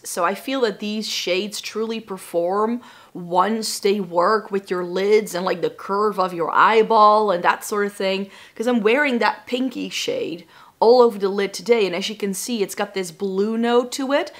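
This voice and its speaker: Woman vlogger, voice still a bit raspy from illness; relaxed, rambling, thinks out loud. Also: mid-range voice. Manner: chatty, rambling, thinking aloud. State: recovering from lost voice, a little raspy. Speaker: beauty vlogger. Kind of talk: casual chat to camera.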